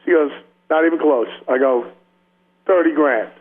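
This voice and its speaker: A man's voice: a little high, moderate pace. A man telling rambling stories in a casual radio interview, heavy on slang, laughing often and acting out the people in them. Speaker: rock guitarist guest. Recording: slightly dull radio audio.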